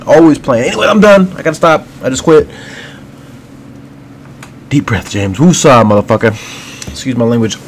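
A man giving a frustrated, profane rant about a video game, rambling at times and apologetic and friendly toward his viewers. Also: high voice. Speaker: gaming video creator. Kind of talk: unscripted ranting commentary.

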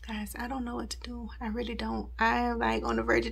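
A woman's voice: a little high, completely flat delivery, fairly quick, vocal fry, hardly any pauses, slightly rough. A woman recording a casual home vlog, chatting straight to her viewers from her house. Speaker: home vlogger. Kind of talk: casual chat to camera.

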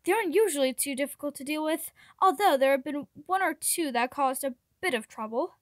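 A woman reading aloud and voicing a gentle, protective young prince who speaks reassuringly. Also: sits high, animated, brisk, no room sound, clean studio sound.

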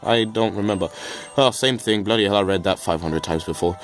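A man's voice: lowish voice, a little fast, soft background music. A man giving casual, joking commentary over a video game, rambling with mild swearing and stammered restarts. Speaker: let's play gamer.

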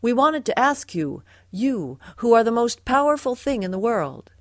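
A woman's voice: on the high side, very animated, moderate pace, no echo, studio quality, voice pushed up. A woman voicing a fussy, anxious father mouse in a storybook, calling out eagerly and stammering at times.

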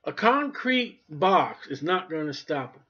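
A high-pitched man preaches a sermon, hammering points loudly and then dropping to near-murmurs. The recording is dull and lo-fi, with the top end rolled off. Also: big pitch swings, a little slow. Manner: emphatic, swings between loud and quiet.

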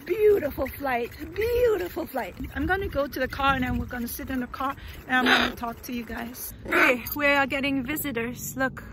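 A woman's voice: high voice, normal speed, noisy background. A woman vlogging outdoors while flying her pet parrots, talking casually to viewers and cooing soothingly at the birds. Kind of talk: casual vlog chat.

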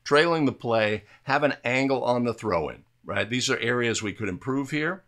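A man's voice: mid-range voice, lively intonation, normal speed, fairly bright tone. A man breaking down recorded plays as an instructor, explaining step by step and often checking in with "right?". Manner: explanatory, repeatedly tags statements with "right?"; restarts and fillers while talking over video. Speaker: basketball officiating instructor. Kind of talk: video play review commentary.

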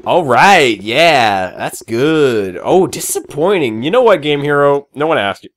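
A man giving comedic let's-play commentary as a gaming YouTuber, goofy and jokey, with sudden excited yelps. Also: a little high, measured pace, faint music behind.

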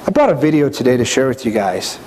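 Speaking quickly in a sing-song, medium-pitched, slightly mellow voice, a middle-aged pastor preaches to his church congregation conversationally and asks them many questions. The sound echoes in a reverberant hall with faint background noise.

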